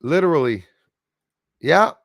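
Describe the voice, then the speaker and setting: A man's voice: on the high side, animated, measured pace, creaky, a bit bright, dry recording, clean studio sound. A man hosting a casual livestream chat, rambling and reading out viewer comments. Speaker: livestream host.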